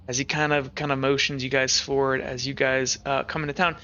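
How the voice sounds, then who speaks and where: A man's voice: medium pitch, flat delivery, fairly quick, few pauses, pushed and bright, lo-fi sound. A man narrating as game master of a tabletop game in a casual, rambling way.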